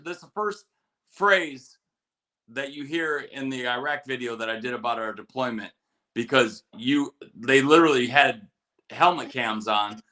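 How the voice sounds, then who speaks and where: A middle-aged man co-hosts a casual veteran podcast, his voice bright and forceful. He tells war stories and breaks down fights with plenty of cursing, acting out the quotes with energy. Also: medium pitch. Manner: storytelling, profane, animated quotes. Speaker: podcast co-host, military veteran. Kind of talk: casual chat with fight picks.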